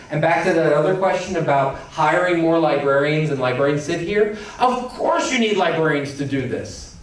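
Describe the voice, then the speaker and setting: High-voiced man speaking in an echoey hall. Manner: emphatic, playful, acts out quoted voices. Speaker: conference keynote speaker. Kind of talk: animated conference talk. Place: large conference hall. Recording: echoey hall, distant mic.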